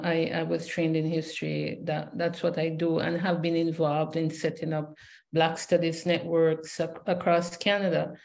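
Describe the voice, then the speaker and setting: A woman's voice: on the low side, vocal fry, darkish tone. A woman from Jamaica with a Jamaican accent, a scholar and poet speaking on a panel, reflective and searching, with many fillers and repeated starts. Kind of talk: panel discussion remarks.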